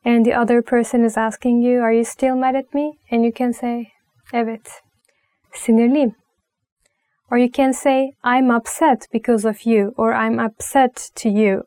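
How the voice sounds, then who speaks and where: A young woman with a Turkish accent teaching a language lesson, talking slowly and patiently, repeating phrases with many fillers. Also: on the high side, steady tone, warm tone, dry recording. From Turkey. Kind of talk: relaxed spoken language lesson.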